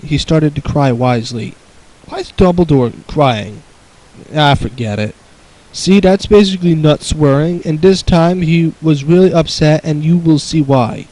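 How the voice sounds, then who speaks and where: A man's voice: fairly high pitch, normal speed, dark tone, low-quality recording. A young man reading a bad fan story aloud with sarcastic, mocking asides. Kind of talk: comedic dramatic reading with commentary.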